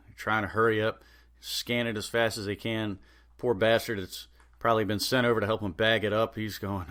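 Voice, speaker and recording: A man's voice: on the low side, fairly even intonation, normal speed, a bit bright. A man hosting a podcast, ranting sarcastically and swearing freely. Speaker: podcast host. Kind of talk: profane comedic rant.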